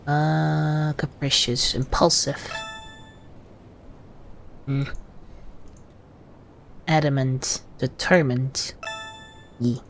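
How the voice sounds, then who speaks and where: A woman with a low, deep-set voice plays through small horror games, reading the prompts aloud and reacting quietly. She talks slowly and softly, now and then jumping up in a startled yelp. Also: steady tone, creaky, faint music behind. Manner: slow, soft, low-key reactions with sudden startled jumps. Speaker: gaming channel host. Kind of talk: let's play commentary, reading game text aloud.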